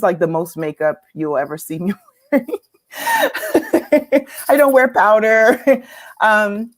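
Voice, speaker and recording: An earnest woman with a slightly low voice, speaking as a guest about her own experiences. She talks in a reflective, thoughtful way, now and then breaking into laughter. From California, United States. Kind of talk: personal storytelling talk.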